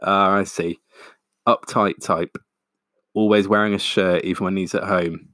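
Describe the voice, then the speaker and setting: A man's voice: sits low, fairly even intonation, measured pace, fairly bright tone, dry recording, studio quality. A man voicing a nervous young man who talks in a casual, jokey way.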